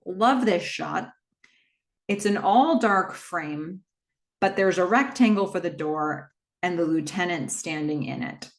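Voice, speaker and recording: A woman hosting a casual horror movie recap, retelling the plot in a chatty way with quick asides. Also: on the low side.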